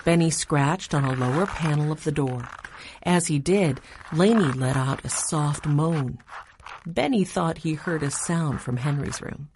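A woman narrating a children's storybook aloud in an expressive reading style. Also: sits low, a little slow, noisy background.

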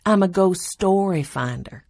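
A cheerful young woman student, voiced by the audiobook reader, full of stories. Her voice moves up and down brightly. The recording is close and dry. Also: on the low side, animated, unhurried, no room sound, voice pushed up.

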